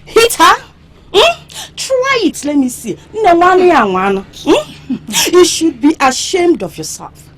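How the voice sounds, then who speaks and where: A sharp-tongued young village maiden with a Nigerian accent, her high voice swinging wide as she scolds and mocks a rival. A Nollywood film performance, loud and cutting, with faint hiss under the dialogue. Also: very animated, takes it slowly, exaggerated voice. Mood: angry scolding. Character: sharp-tongued young village woman, fiercely loyal friend. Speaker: village maiden in a royal drama.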